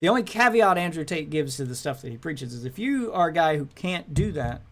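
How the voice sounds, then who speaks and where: A man's voice: on the high side, very animated, a little fast. A man co-hosting a livestream in casual chat, explaining bluntly and swearing casually. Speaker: livestream co-host.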